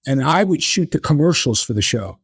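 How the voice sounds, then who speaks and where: Older male guest, slightly high voice, dry close sound, spins animated anecdotes. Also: a little fast, husky, no room sound. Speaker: interview guest, TV creator. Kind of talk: conversational interview storytelling.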